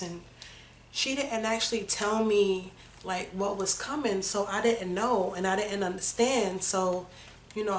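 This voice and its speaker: A woman's voice: mid-range voice, a little hiss or hum. A woman in her thirties, a vlogger, telling her personal story in a candid, conversational way, full of fillers. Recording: roomy echo.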